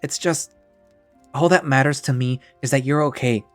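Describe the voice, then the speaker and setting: A man's voice: mid-range voice, animated, moderate pace, no echo, faint music behind, close to an everyday voice. A man playing a sobbing, shaky-voiced friend. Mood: apologetic. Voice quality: shaky, cracking voice. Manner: pleading, choked-up. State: crying. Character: tearful grown man, a loyal old friend. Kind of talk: one-man audio drama.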